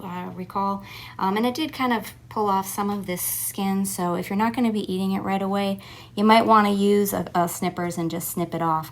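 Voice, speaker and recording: A woman's voice: mid-range voice, gravelly. A woman hosting a casual home gardening vlog, talking chattily and sometimes chewing as she speaks. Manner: chatty, chews while talking at times. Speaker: gardening vlogger.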